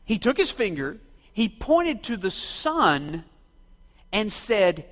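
A man's voice: sits high, big pitch swings, takes it slowly, fairly bright tone. A man preaching a sermon, asking his congregation questions and telling them what to do. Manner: rhetorical, quizzes and directs the congregation. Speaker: pastor. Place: church sanctuary. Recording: long reverb of a church hall.

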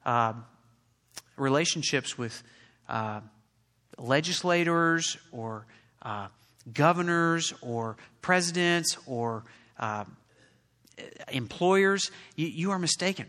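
A man's voice: fairly high pitch, expressive, slow pace, long pauses, bright, forceful tone. A man preaching a sermon as pastor, building his delivery to emphatic peaks. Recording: long reverb of a large hall.

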